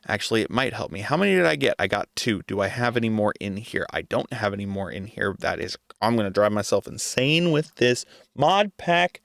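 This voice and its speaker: A man's voice: mid-range voice, a bit bright, no room sound, studio quality. A young adult man giving casual gameplay commentary, talking to himself in an exasperated, joking way. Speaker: gaming video creator.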